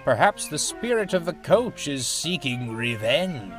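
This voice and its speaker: A man's voice: medium pitch, huge pitch swings, very slow, pitched above the performer's own voice, exaggerated voice. A man voicing a pompous, teasing big male express engine. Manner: mocking, grand. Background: music.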